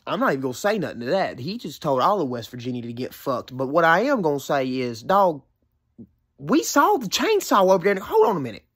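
A woman talks over video clips in casual commentary. She swears in disbelief and keeps laughing between remarks. Her pitch swings lively up and down. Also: brisk. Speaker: reaction video host.

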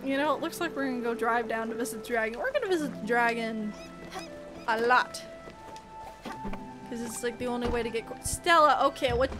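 Streamer woman, high voice, chatty gameplay talk over loud game music. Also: fairly quick, long pauses. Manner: chatty, reads game dialogue aloud. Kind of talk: casual gameplay commentary. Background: background game music.

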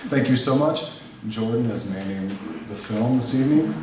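A man's voice: mid-range voice, moderate pace. Man hosting in an echoey hall. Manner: relaxed, chatty, with fillers. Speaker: event host. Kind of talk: casual welcome and thank-yous at a live event. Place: community hall at a live poetry reading. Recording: echoey hall from far off, noisy.

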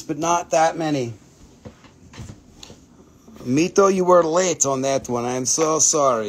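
A man hosting a live crystal sales stream, chatting casually and excitably in non-native English, swearing freely and laughing often. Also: on the high side, takes it slowly, long pauses, a little hiss or hum.

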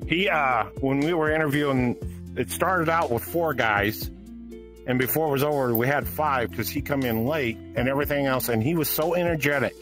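A man's voice: medium pitch, normal speed, over music, rough recording. A man co-hosting an interview show, chatting casually in a rambling, folksy way with loose grammar. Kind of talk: casual chat.

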